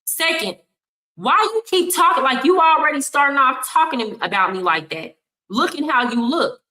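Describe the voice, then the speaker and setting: Woman, reaction host, bright tone, fairly high voice, blunt, swears a lot. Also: animated, normal speed, rough recording. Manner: blunt, confrontational, heavy swearing. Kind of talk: angry reaction commentary.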